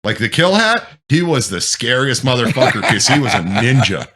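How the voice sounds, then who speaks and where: Animated, expressive young man. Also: medium pitch, moderate pace, slightly rough. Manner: animated, acting out yelled quotes and laughing. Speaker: host. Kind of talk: casual podcast chat.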